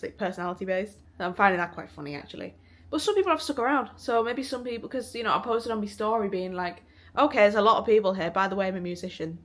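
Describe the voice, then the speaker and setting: A woman's voice: fairly low pitch, fairly bright tone. A young woman chatting casually to camera in a vlog, swearing offhandedly and laughing often. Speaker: vlogger and musician.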